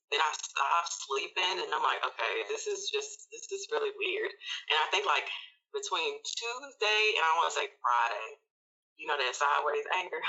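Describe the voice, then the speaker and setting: A woman tells a personal story with a sharp, very bright tone, throwing herself into her own quoted words with big jumps in pitch. Her voice comes from a distance over a dull, lo-fi remote line. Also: animated, moderate pace. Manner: laughs and sighs while telling. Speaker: podcast guest, social worker. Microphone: remote call.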